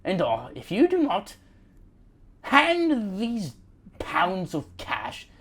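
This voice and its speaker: A man's voice: high voice, huge pitch swings, drawn-out words, fairly bright tone, slightly rough, pitched above the performer's own voice, exaggerated voice. A man voicing a bragging male bank robber in an exaggerated fake British accent. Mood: blustering.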